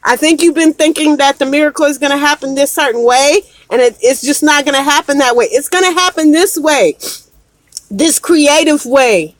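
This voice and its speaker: A woman's voice: sits high, moderate pace, no room sound. A woman doing a live oracle card reading, talking in an emphatic, repetitive way and often laughing. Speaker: card reader.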